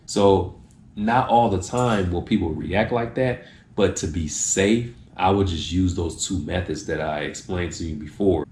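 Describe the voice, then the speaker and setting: Speaking at normal speed, this video host has a low, slightly mellow voice, recorded in an echoey room with a little hiss or hum. He offers casual tips directly to the camera, performing little exchanges in other voices.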